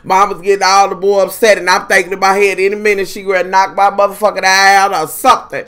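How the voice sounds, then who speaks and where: A woman's voice: mid-range voice, fast talker, faint music behind. A woman telling a personal story in a casual monologue. She swears constantly and calls her listeners honey and y'all. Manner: profane, animated, addresses listeners as honey and y'all.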